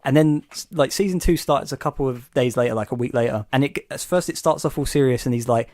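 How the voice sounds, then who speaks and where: A man's voice: medium pitch, fast, hardly any pauses, a little mellow, no echo, studio quality. A man hosting a podcast in casual chat, an enthusiastic and rambling storyteller. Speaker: podcast host.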